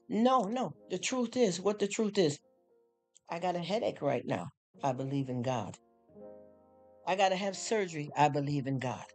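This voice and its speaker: Brief: weary host, mid-pitched voice, loose rambling faith chat over soft music. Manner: rambling, repeats "you understand?". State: tired after a long work shift. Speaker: live streamer. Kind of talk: casual spoken faith talk to a live chat. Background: faint background music.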